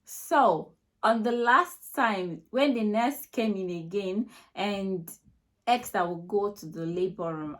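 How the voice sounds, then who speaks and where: A young Nigerian woman with a Nigerian accent, emotionally retelling a personal story to camera in a repetitive, filler-heavy way. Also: mid-range voice. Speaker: vlogger.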